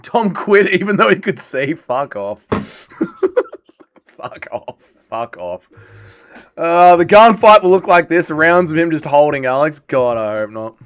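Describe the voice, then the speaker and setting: A man hosting a livestream, reading viewer comments aloud and answering them in a casual chat that swings between loud swearing rants and low grumbling. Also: unhurried. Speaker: livestream host.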